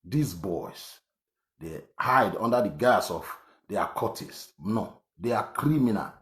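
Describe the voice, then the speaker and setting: A man's voice: lowish voice, animated, unhurried, fairly bright tone. A Nigerian man around fifty, talking politics in an emphatic, repetitive way, with many fillers and restarts. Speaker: online commentator. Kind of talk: political commentary monologue. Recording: echoey room.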